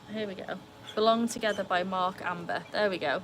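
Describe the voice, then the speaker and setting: A British woman with a mid-range voice livestreams from home with her dogs on her phone, reading and answering chat in a casual ramble full of "like" and "um." Her intonation is fairly even and her pace brisk, and the background is noisy.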